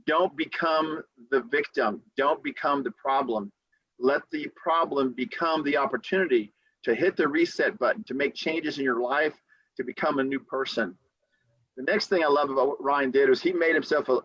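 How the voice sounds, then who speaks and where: His voice is husky and medium-pitched at normal speed, recorded dry and muffled. He's a real estate attorney giving motivational podcast advice, animatedly acting out quotes and hammering home key phrases through repetition.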